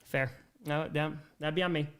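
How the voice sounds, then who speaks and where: Reading chat messages out loud and thanking viewers, a young male streamer also does live play-by-play, breaking into excited calls. He speaks at normal speed in a smooth, fairly high voice.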